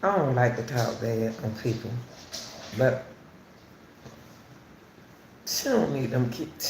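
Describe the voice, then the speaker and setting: A woman's voice: extremely low pitch, expressive, slow pace, long pauses. A woman hosting casual spoken commentary on a case, talking repetitively and emphatically straight to her viewers. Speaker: commentary channel host. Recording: roomy echo, faint background noise.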